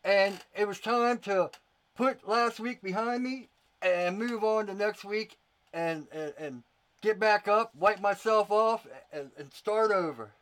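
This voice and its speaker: High-voiced man chatting on a livestream. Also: measured pace, fairly bright tone. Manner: rambling, repeats words, reads and answers viewer comments. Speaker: YouTuber and knife maker hosting a livestream. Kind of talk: casual livestream chat.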